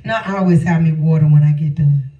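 A man's voice: a little high, quick pace, dark tone, distant mic, lo-fi sound. A man preaching a sermon, repeating his lines for emphasis and calling out to the congregation. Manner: call-and-response preaching, repeats phrases for emphasis. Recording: echoey room, voice from off-mic.

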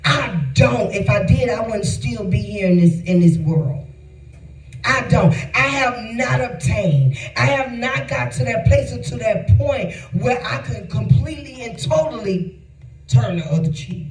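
A man giving a sermon in a lively, conversational preaching manner, joking and laughing with the congregation. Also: very high-pitched, unhurried. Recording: echoey room, voice from far off.

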